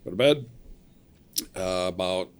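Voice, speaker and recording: A man with a fairly low voice tells his story in a relaxed, conversational way. He is middle-aged and animated, and he acts out each person's lines as he goes. He laughs at his own punchlines. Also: a little slow, smooth. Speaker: podcast guest, cable splicer. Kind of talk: casual storytelling.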